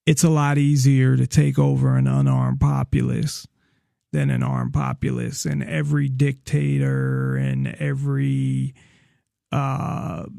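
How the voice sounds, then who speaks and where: A man hosts a call-in talk show, rambling and hesitant as he circles back over his points. His voice is heavily gravelly and he speaks slowly. The sound is close and dry. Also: medium pitch, a little mellow, no echo. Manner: rambling, hesitant, restarts often. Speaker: podcast host. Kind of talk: casual political talk show.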